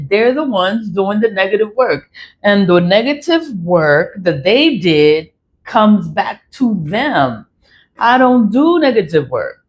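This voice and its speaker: Speaking straight to camera in a casual monologue, a woman with a mid-range voice describes her spiritual cleansing practice bluntly, swearing and laughing between points. The recording is low quality, with slight background noise.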